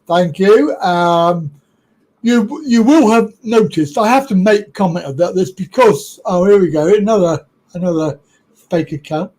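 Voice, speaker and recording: A man's voice: high-pitched, a little slow, a little mellow, low-quality recording. A British man hosting a live stream, talking casually and bluntly with lots of swearing.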